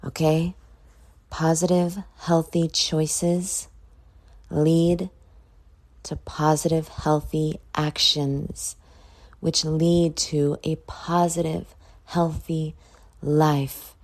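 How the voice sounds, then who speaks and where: Sleepy, gravelly low-voiced woman podcaster. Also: little pitch movement, slow pace, pauses often, a little mellow. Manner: rambling and motivational, with swearing. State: sleepy, yawning. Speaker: podcast host. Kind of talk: casual solo podcast monologue.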